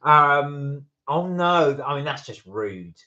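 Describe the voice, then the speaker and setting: A man's voice: on the high side, lively intonation, slow, sharp tone. A man co-hosting a live stream, chatting casually and reading viewer comments aloud. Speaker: channel co-host. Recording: dull lo-fi stream audio.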